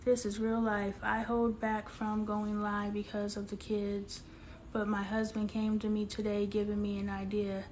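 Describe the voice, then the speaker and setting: Outdoors with her phone, a woman in her thirties runs a candid live stream, reading viewers' comments and replying aloud. Her mid-range, darkish voice is monotone and measured, yet her manner is emotional and confiding as she addresses viewers directly. Some hiss or hum is audible.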